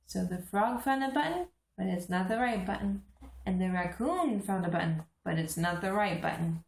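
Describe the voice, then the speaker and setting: A woman's voice: medium pitch, animated, moderate pace, vocal fry, roomy sound. Woman reading a storybook aloud. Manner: teacherly, explains pictures. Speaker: host reading to English learners. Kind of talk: children's book read-aloud.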